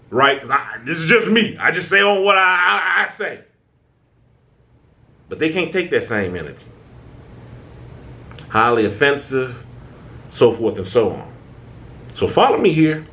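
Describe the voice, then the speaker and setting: A channel host gives a self-help talk in a slightly high, sing-song voice that sounds pushed and bright. He speaks at a measured pace with long pauses, in informal American fashion, conversational yet preachy, stammering into restarts and often checking in with "right?"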